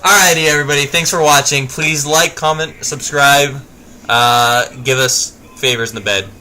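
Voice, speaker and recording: A man's voice: a little high, fairly even intonation, moderate pace, bright, forceful tone, a little hiss or hum. A young man co-hosting a casual gameplay commentary, joking and sarcastic as he talks. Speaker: co-host.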